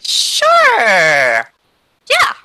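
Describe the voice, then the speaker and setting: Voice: mid-range voice, fast talker, pitched above the performer's own voice, exaggerated voice. A player voicing a perky, gushing young princess in a tabletop game. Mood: eager. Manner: excited, gushing.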